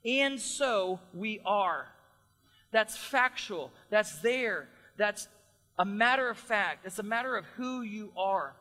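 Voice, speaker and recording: Bright-voiced man preaching in a hall. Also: sits high, expressive, measured pace. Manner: earnest, emphatic preaching with repeated phrases. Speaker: pastor. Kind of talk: sermon.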